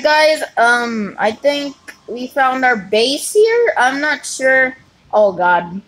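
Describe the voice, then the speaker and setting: A woman hosting a gaming channel, giving live gameplay commentary with excitable outbursts and rambling, unsure asides. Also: a little high. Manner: excitable, frequent outbursts and shouting.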